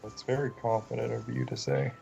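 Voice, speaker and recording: A man's voice: medium pitch, little pitch movement, fairly quick, creaky, dark tone. A man co-hosting a comedic podcast, self-deprecating and laughing off crude retorts, on a muffled recording. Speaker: podcast co-host. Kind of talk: casual comedic chat. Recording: muffled lo-fi podcast audio, faint music.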